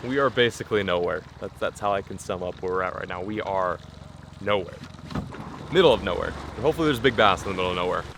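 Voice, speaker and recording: A young man vlogging while fishing from a boat on a small lake, excitable and self-mocking, swearing often. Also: sits low, fast. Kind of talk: casual vlog talk to camera. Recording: outdoor wind and engine noise.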